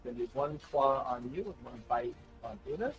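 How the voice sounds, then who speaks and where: A man's voice: medium pitch, animated, moderate pace, music in the background, rough recording. A man acting as game master, describing combat and asking for rolls in a casual, laughing way. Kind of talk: narrating a tabletop game.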